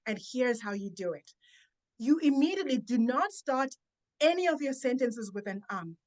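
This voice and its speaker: Woman coach on a podcast, fairly high voice, emphatic, slows down to stress points. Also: animated, darkish tone. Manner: emphatic, coaching tone with deliberate pauses. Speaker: confidence and public speaking coach. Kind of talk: guest giving advice in a podcast interview.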